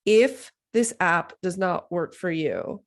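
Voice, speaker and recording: A woman in her thirties hosts a solo podcast, chatty and enthusiastic, dropping lots of "like" and "you know." Her lowish voice is expressive and she speaks at a slow pace.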